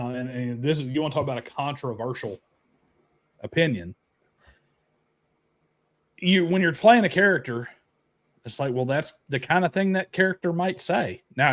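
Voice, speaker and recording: A man hosting a podcast, chatty and opinionated, laughing easily. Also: mid-range voice. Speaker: podcast host. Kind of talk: casual podcast chat.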